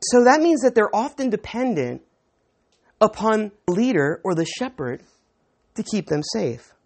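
A man's voice: high-pitched, very animated, measured pace. A man preaching a sermon to a live audience, teaching conversationally with rhetorical questions and frequent restarts. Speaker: pastor.

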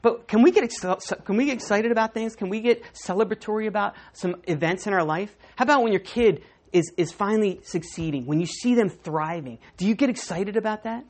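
An older woman pastor delivers a sermon in a loose, conversational manner. She keeps it lively and informal as she preaches. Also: mid-range voice, fairly quick, hardly any pauses. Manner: lively and conversational, acting out quotes and laughing.

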